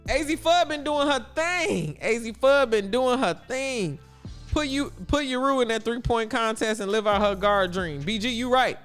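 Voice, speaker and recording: A man's voice: extremely high pitch, moderate pace, a bit bright, smooth, soft background music. A man from Chicago hosting a casual sports livestream, chatty and answering his viewers' chat aloud. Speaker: livestream host.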